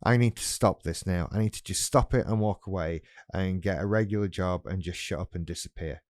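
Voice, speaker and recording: A man's voice: deep voice, brisk, a little mellow, no room sound, clean studio sound, close to an everyday voice. A man voicing his whiny, self-pitying inner voice that complains everything is unfair.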